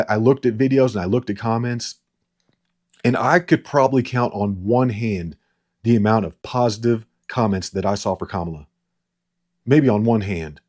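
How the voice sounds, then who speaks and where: A man's voice: mid-range voice, darkish tone. A man giving casual political commentary, rambling and sarcastic, repeating words and laughing at his own jokes. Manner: sarcastic, mocking impressions. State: short on sleep.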